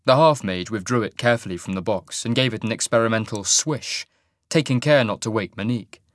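A man reading fantasy fiction aloud in a measured, even manner. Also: on the low side, no room sound, studio quality. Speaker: audiobook narrator. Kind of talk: scripted fantasy narration.

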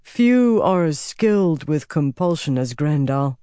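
A woman narrator gives a quiet, commanding young ruler from an audiobook. He speaks softly and offhandedly, with a dark, mellow tone. The voice is dry and close. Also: deep voice, lively intonation, a little slow, clear, resonant tone, dry recording. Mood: musing. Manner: soft, eerie, offhand.

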